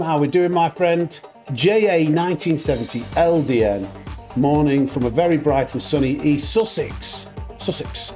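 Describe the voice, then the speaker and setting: A man streaming sim racing, casually greeting viewers by name in quick bursts and joking about himself. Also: fairly high pitch, dark tone. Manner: upbeat, greets chat names in quick bursts, self-mocking. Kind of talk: casual live-stream chat.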